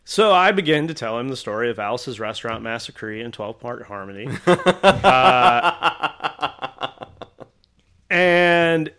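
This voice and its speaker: A man's voice: medium pitch, takes it slowly, pauses often, smooth. Man animatedly telling a story. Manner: animated, acts out voices, laughs often. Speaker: artist recounting a convention story. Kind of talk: casual podcast storytelling.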